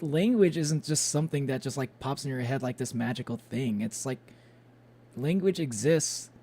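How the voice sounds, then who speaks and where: A man's voice: mid-range voice, vocal fry, dark tone. A man streaming a game, chatting casually and rambling with lots of fillers and little chuckles. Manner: rambling, many fillers and restarts, chuckles often.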